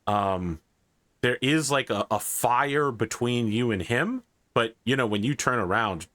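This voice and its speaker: Slow, dry-voiced male game master. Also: medium pitch, no echo. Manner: relaxed, with many "like" fillers. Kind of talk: narrating a tabletop game.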